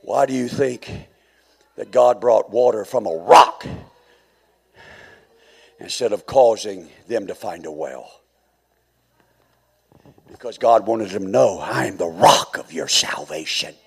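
A man preaching a sermon as pastor, swinging from quiet, low passages to high, shouted calls. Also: slow pace, creaky, long pauses, slightly rough.

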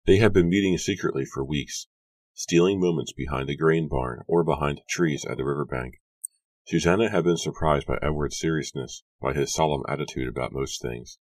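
A man narrating a horror audiobook in a hushed, suspenseful storytelling manner. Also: extremely low pitch, normal speed, dry recording.

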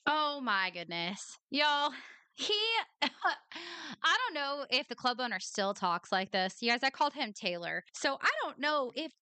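A woman's voice: high voice, sing-song, a little slow, pushed and bright, clear, resonant tone, no room sound. A young adult woman hosting a podcast, giving blunt, exasperated commentary on an old recording and swearing often. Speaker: podcast host.

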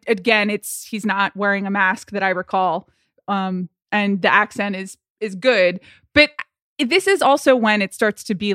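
A woman's voice: mid-range voice, fairly bright tone, no echo. Candid woman co-host, dry close sound. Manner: candid, thinking aloud. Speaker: podcast co-host. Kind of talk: casual film-review chat.

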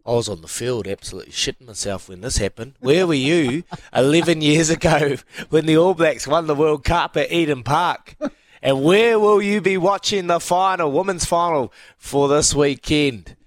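A man in his thirties with a New Zealand accent, co-hosting a breakfast radio show in casual chat, lively and quick to laugh. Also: fairly high pitch, no room sound. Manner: lively, laughs often, uses bro and mate. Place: radio studio.

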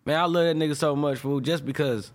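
A man's voice: fairly high pitch, fairly even intonation, quick pace. A young adult man, a music producer, talking casually and emotionally in an interview, full of slang fillers and restarts. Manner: rambling, emotional, peppers speech with slang fillers.

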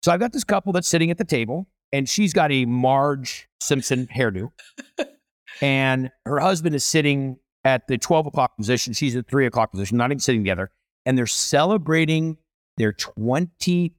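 A middle-aged man, a chef and restaurateur, telling stories as an interview guest in a lively, animated way. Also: mid-range voice, dry recording, studio quality. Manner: animated, acts out voices in stories. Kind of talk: storytelling interview.

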